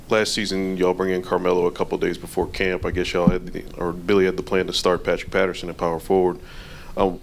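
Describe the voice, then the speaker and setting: A male sports reporter rattles off a detailed question. His very deep voice has a gravelly edge, and he talks very quickly over faint ambient noise. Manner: fast, informal questions. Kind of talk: press conference question.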